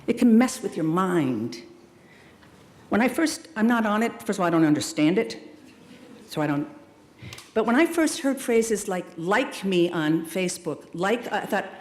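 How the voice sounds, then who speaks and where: A middle-aged woman giving a commencement speech. She talks to the graduates in a warm, emphatic way, calls them "loves" and "darlings", and throws in playful, dramatic asides. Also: mid-range voice. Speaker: commencement speaker. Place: large hall at a school ceremony. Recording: echoey hall, long reverb.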